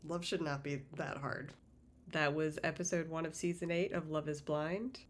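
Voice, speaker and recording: A woman's voice: sits low, steady tone, moderate pace. A woman hosting a reaction video, giving frank, wry commentary on a dating show. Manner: wry and frank, with small laughs. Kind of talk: candid reality-show commentary.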